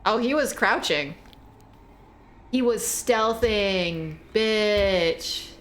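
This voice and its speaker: Speaking very slowly in a medium-pitched, fairly bright voice, a woman game streamer gives casual gameplay commentary over a low-quality recording. She's playful and teasing, swears freely and talks back to the game's characters.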